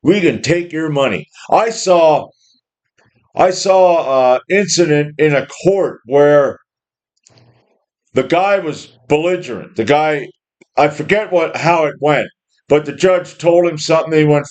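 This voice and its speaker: A man in his fifties delivers a casual, combative monologue, swearing freely and repeating words as he restarts his thoughts. His voice sits a little higher than most men's. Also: lively intonation, measured pace. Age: 50s. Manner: blunt, profane and combative, with mocking put-on quotes. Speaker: home gym channel host.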